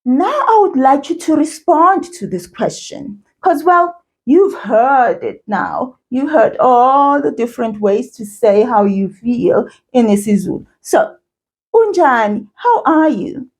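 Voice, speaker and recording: A woman teaching children a language lesson, speaking slowly and encouragingly and repeating words for learners to echo. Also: high voice, very animated. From South Africa.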